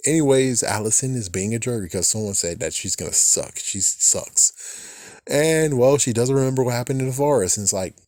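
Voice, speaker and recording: A fan reviewer recaps a TV episode in a casual rant, swearing often and mocking the characters loudly, imitating their lines in a higher voice. He speaks a little fast with a darkish tone, and the sound is studio quality with no echo.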